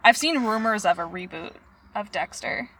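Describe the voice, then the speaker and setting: A young woman co-hosting a podcast in casual chat, chatty and quick to giggle as she tells stories. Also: mid-range voice, expressive, fairly bright tone, husky. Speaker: podcast co-host.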